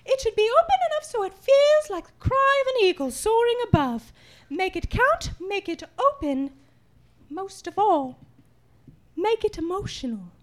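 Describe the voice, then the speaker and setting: A grand, eccentric singing teacher, acted by a woman in a comedy sketch, her voice pitched very high and swooping wildly up and down. She lectures theatrically, full of airs, and scolds her pupils with lofty, odd comparisons. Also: very animated, normal speed. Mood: grandly instructive.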